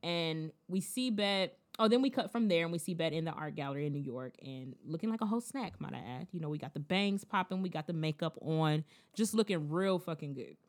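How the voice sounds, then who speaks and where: Woman, lowish register, casual profane TV recap, animated. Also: fairly quick, few pauses. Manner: blunt, profane, animated retelling.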